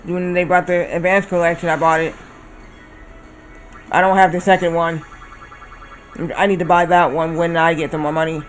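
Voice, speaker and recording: A man's voice: on the high side, flat delivery, normal speed, pauses often, soft background music. A man in his thirties chatting casually while streaming a game, rambling and often correcting himself. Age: 30s. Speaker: livestreamer.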